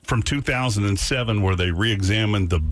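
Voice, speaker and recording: Low-voiced man rambling through a story. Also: dry recording. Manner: rambling storyteller, halting restarts. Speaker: radio show host. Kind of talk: casual radio banter.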